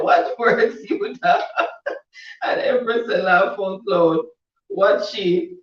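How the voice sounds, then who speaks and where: A man's voice: high-pitched, drawn-out words. Laughing man reading chat. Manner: laughing often, reads comments with a Caribbean lilt. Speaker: co-host reading live chat. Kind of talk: casual chat reading comments aloud. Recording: echoey, distant, dull audio.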